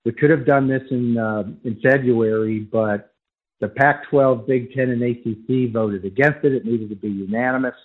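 A man's voice: medium pitch, fairly even intonation, moderate pace. A man calling in as a college football writer, giving emphatic, argumentative analysis on sports radio over a phone line.

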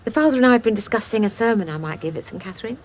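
A woman's voice: medium pitch, expressive, rapid-fire, dry recording, lightly acted. An actress playing an earnest churchgoing woman who is keen to read a passage aloud. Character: eager churchgoing woman planning a sermon.

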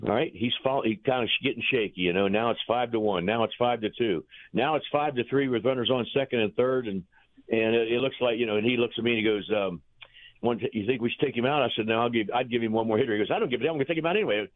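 A man, a former pitching coach, telling folksy, rambling anecdotes in an interview, chuckling as he goes. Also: fast talker, no room sound. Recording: tinny phone line.

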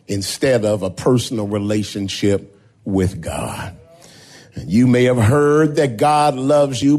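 Pastor guy preaching slow and dramatic, stretches words out, gets loud at the peaks, church setting. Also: medium pitch. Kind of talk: sermon. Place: church sanctuary.

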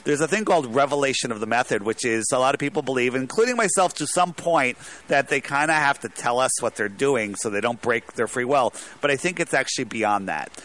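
A man's voice: medium pitch, fairly quick, hardly any pauses, fairly bright tone. A man calling in to a talk show, talking in a rambling, emphatic way with many restarts. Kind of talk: casual talk radio call.

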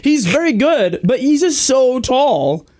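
Animated man telling wrestling stories. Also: very high-pitched, slow. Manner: animated storytelling, many fillers and laughs. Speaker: guest, pro wrestler. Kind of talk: casual podcast chat.

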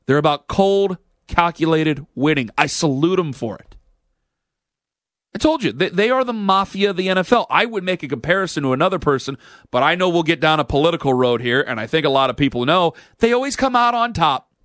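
A man's voice: on the high side, animated, brisk, a bit bright, no room sound, clean studio sound. A man hosting a sports talk radio show, delivering a sarcastic, opinionated rant.

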